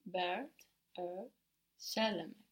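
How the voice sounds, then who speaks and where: Woman learning a language, careful and a bit unsure, says the words slowly. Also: fairly low pitch. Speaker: language student. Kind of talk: learner repeating and answering in a lesson.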